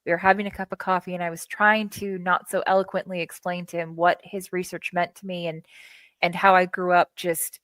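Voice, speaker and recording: A woman from the United States hosting a casual podcast interview over a video call, chatty and excitable, with frequent stumbling restarts. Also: fairly low pitch, a little fast, dry recording. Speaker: podcast host. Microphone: video call with green screen.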